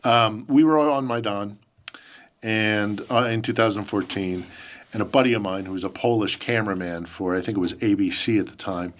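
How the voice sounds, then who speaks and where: A man's voice: on the low side, moderate pace. A man recalling a personal story in conversation, emotional and reflective as he talks. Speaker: podcast host being interviewed.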